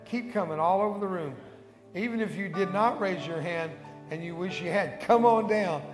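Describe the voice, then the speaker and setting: A man's voice: high voice, moderate pace. An older man, a guest evangelist, leading an altar call and a spoken prayer in a large church sanctuary, fervent and coaxing, with murmured praise between lines. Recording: echoey hall with worship music behind.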